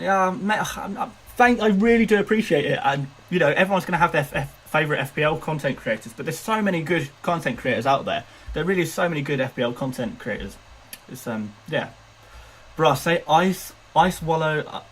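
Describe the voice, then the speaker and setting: A man's voice: fairly high pitch, a bit bright, poor audio. A young man hosting a fantasy football live stream, chatting casually and reading viewer messages aloud with lots of fillers. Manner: chatty, upbeat, loose with fillers and restarts.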